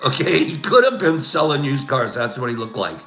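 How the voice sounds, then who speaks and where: Older man, livestream host, bright voice, echoey room, chatty storyteller. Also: mid-range voice, very animated, fairly quick, soft background music. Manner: chatty storyteller, laughs often, says "Okay?". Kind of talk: casual livestream chat.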